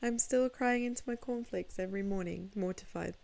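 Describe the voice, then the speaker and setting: A sleepy, groggy VTuber streams a game from home, chatting playfully and self-mockingly with her viewers in casual live-stream talk. Her mid-range voice is fairly quick, a little mellow, with vocal fry.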